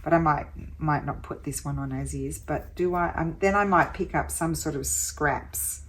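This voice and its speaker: A woman's voice: low-pitched, moderate pace, a little hiss or hum. A woman talking through her sewing project as a craft vlogger, chatty and thinking aloud with little exclamations.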